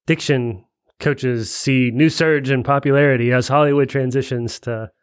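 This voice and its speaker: A man's voice: medium pitch, steady tone, normal speed, clean tone, no room sound. Chatty man, mid voice, dry sound. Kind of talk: casual film discussion.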